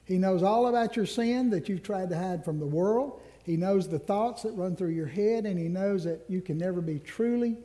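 A man preaching an Ash Wednesday sermon as minister, earnest and slowing down on key phrases. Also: high voice, dark tone.

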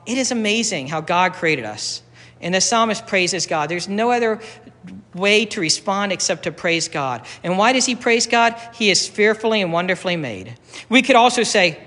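A man preaching a sermon, slow and emphatic, repeating key phrases for weight. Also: high voice, animated, pushed and bright, long reverb tail. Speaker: pastor.

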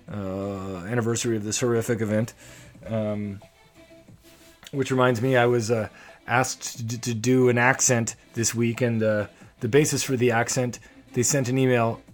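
A man hosting a solo comedic podcast, talking in a wry, rambling, self-deprecating way. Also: mid-range voice. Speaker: podcast host. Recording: faint music playing behind. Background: soft background music.

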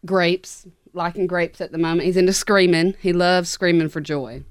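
A woman's voice: fairly low pitch, steady tone, normal speed. A young woman, chatting casually on a podcast, telling stories with giggles and teasing. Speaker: podcast co-host. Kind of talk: casual chat.

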